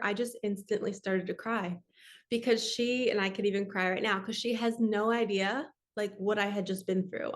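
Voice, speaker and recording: Woman host, earnest and chatty, middle pitch, personal storytelling to listeners. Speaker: spiritual podcast host.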